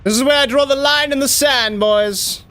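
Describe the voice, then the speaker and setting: A young adult game streamer from South Africa talks in a high, pushed, bright voice at a normal pace. He gives casual, slangy live commentary on a match and speaks directly to chat, with soft music playing behind him.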